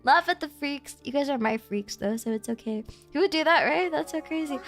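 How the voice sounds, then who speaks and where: A woman's voice: sits high, very animated, a little fast, few pauses, over loud music. A woman streamer chatting casually with her viewers, playful and teasing, often giggling.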